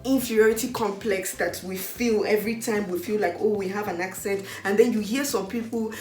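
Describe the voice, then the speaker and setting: A woman with a Nigerian accent, talking in an outspoken, animated way in a casual chat. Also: medium pitch, brisk. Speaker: host. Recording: echoey room with faint music.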